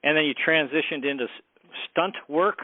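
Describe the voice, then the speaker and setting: A male podcast host fumbles toward his questions with plenty of filler sounds. His voice sits somewhat high. The audio is narrow and phone-like, dry, and heard from a little off the mic. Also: dry recording. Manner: halting, many filler sounds. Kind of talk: interview questions.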